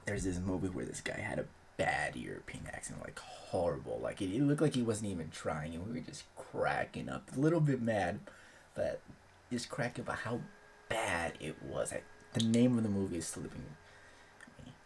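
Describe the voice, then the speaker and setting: Speaking at a normal pace with a low pitch, big swings in intonation and vocal fry, this young channel host and aspiring author rambles through a casual chat. He fills it with filler words and casual cursing, and there's slight background noise.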